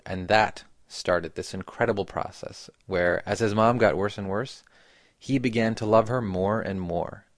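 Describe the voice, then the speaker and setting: A man giving measured, reflective scripted narration for a radio story. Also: lowish voice, no room sound, clean studio sound.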